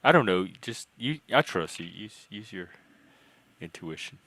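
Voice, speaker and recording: A man hosting a casual panel chat, rambling and hesitant, often trailing off quietly. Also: sits low, sing-song, a little slow, a crowd in the background. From United States. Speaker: podcast host.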